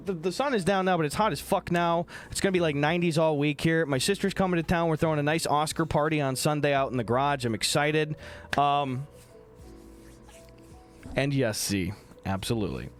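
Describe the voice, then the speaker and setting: A man's voice: on the high side, brisk, soft background music. A young man from the American Midwest chatting casually on a live stream, joking, swearing and reading viewer messages aloud. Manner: animated, joking, swears a lot, reads chat aloud.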